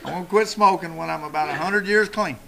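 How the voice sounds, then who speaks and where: A middle-aged man speaking at a recovery meeting podium, telling stories in a folksy, profane way with dark humor. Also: fairly high pitch, fast talker, creaky, crowd noise.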